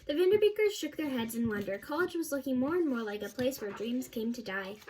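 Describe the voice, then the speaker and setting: A woman reading a children's novel aloud, steady storytelling with small slips and restarts. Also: high-pitched, a little fast, a little hiss or hum. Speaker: audiobook reader.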